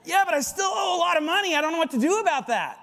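Pastor acting out an exasperated churchgoer. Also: male voice, very high-pitched, lively intonation, moderate pace, pitched above the performer's own voice. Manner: whiny, exasperated, raised voice. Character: frustrated churchgoer man, worn down by troubles.

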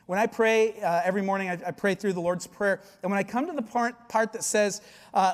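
A man's voice: high voice, fast talker, big-room sound. A male pastor delivering a sermon, earnest and often asking the congregation questions.

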